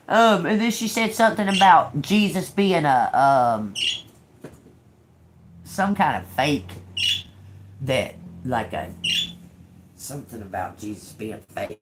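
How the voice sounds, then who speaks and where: A woman tarot reader hosting a livestream, ranting in a casual way. She is animated, laughs often, swears freely, and acts out quoted exchanges. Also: sits low, slow pace, pauses often, a little hiss or hum.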